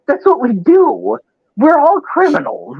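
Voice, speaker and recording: A man's voice: extremely high pitch, sing-song, measured pace, creaky, phone-quality sound. A man from Wisconsin with a Wisconsin accent, ranting in casual, profane chat.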